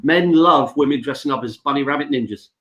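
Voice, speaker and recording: A man, jokey and lively in a casual wrestling podcast. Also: medium pitch, a little fast. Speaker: podcast co-host.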